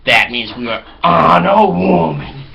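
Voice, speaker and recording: A man voicing boastful, bigoted young American men who make slow, swaggering proclamations. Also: a little high, animated, creaky, pushed and bright, pitched above the performer's own voice, full character voice. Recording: slightly muffled with faint hiss.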